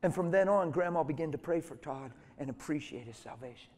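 Male preacher, emphatic exhortation, raised pitch; long hall reverb. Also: animated, brisk, a little mellow, slight background noise. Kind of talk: sermon.

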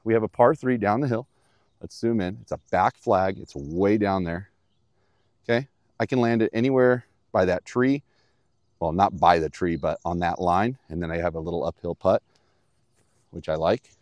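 A man with a fairly low voice walks the viewer through a golf lesson out on the course. He is upbeat and plain-spoken, keeping things simple. The sound is close and dry, with little room in it. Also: moderate pace, darkish tone, no room sound. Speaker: golf instructor.

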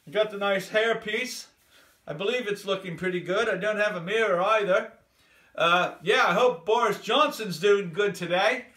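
A man's voice: high-pitched, normal speed, sharp tone, reverberant, recorded from a distance. An older man, a drummer, doing a hammy put-on English accent in a jokey home demo video, chatty and full of fillers. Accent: put-on bad English accent.

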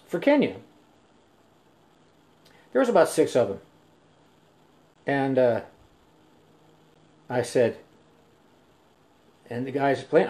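A man's voice: fairly high pitch, darkish tone. An older man, a musician hosting his own live stream, telling rambling stories between songs with many restarts and fillers. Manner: halting, full of restarts and fillers.

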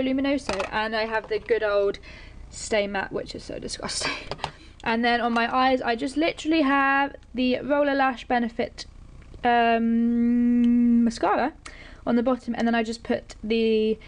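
A young woman chatting to camera in a casual beauty vlog, bubbly and rambling, with quick asides. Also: a little high. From Britain. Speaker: beauty vlogger.

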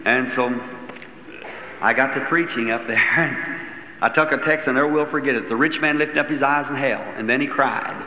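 A man's voice: medium pitch, normal speed. Folksy preacher man in an echoey hall. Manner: folksy, chuckling storyteller acting out dialogue. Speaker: evangelist preacher. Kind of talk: sermon storytelling. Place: church meeting hall. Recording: roomy hall, lo-fi old tape, faint hiss.

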